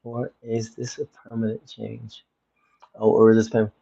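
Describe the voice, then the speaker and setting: A man's voice: on the low side, completely flat delivery, normal speed, creaky, warm tone, husky. A man hosting a casual livestream from his phone at home, chatting to viewers in a rambling way and repeating himself. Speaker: livestream host. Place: home room. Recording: slightly dull phone audio.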